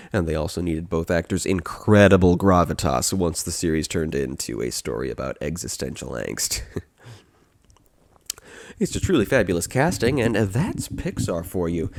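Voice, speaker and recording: A man with a low voice talks through a podcast in a chatty, wry way, cracking jokes and laughing at them. The sound is dry and close, with little room behind it. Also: darkish tone, no room sound. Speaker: podcast host. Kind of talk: casual commentary.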